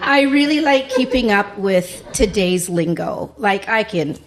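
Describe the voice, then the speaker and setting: A woman's voice: medium pitch, expressive, unhurried, very noisy. A middle-aged woman doing a stand-up comedy set, chuckling through her own punchlines.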